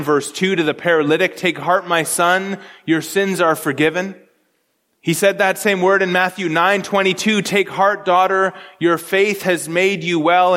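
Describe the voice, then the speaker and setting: A man's voice: a little high, fairly bright tone. Man, pastor, sermon, earnest conversational preaching, frequent restarts, long hall reverb.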